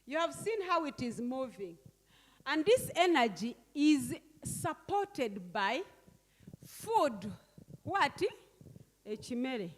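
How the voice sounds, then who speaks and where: Slow, high-voiced woman teaching. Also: very animated. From Uganda. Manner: asks the audience questions and repeats key words. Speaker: workshop facilitator. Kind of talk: interactive teaching workshop. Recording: echoey hall.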